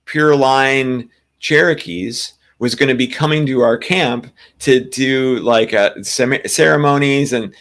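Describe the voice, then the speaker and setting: A man co-hosting a spiritual talk show, telling a long personal story in a casual, animated way, with frequent restarts. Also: mid-range voice, slow. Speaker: podcast co-host.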